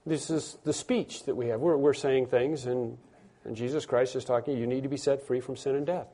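A man's voice: medium pitch, steady tone, normal speed, warm tone. A man preaching a sermon in a conversational way, repeating himself, restarting phrases and rising to emphatic lines. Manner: rises to emphatic stressed phrases. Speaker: pastor.

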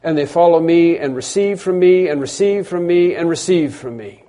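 Guy preaching, leans hard on words then goes quiet, warm voice. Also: a little high, moderate pace. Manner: emphatic, repeats phrases, swings between loud stresses and quiet drops. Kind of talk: sermon.

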